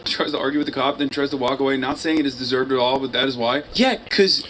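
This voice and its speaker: A man's voice: medium pitch, quick pace, a bit bright, slight background noise. A man giving casual, matter-of-fact commentary while reacting to a video with friends.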